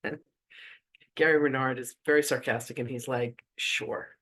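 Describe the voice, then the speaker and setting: A man's voice: mid-range voice, fairly even intonation, moderate pace, a bit bright. A man telling a personal spiritual story in a casual, chatty way, full of "like" asides. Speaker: spiritual teacher.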